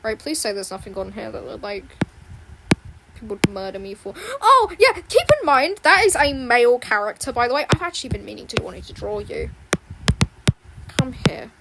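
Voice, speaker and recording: High-voiced young woman rambling. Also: very animated, moderate pace. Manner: giggly, rambling, repeats herself. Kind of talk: casual rambling chat while drawing. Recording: noisy background with clicks.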